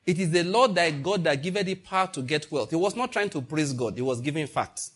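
Man, pastor, husky voice, raised pitch, lively sermon, plays out short dialogues. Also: fairly quick. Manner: animated preaching, acting out little dialogues, often laughing.

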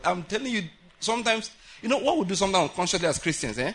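A man preaching a sermon, animated, acting out quotes and laughing often. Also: high-pitched, quick pace.

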